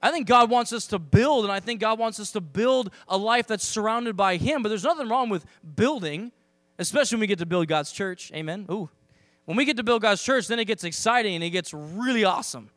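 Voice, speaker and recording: Male pastor, sermon delivery. Voice sits high for a man, lively and conversational, with dry close-miked sound and a low mains hum behind. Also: fairly quick, no echo. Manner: animated, conversational preaching with acted-out asides.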